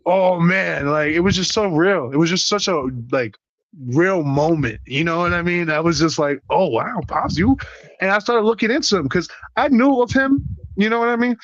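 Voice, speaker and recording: Animated, profane man from Puerto Rico. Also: sits high, normal speed, no echo, muffled recording. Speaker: wrestler guest. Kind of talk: casual interview chat.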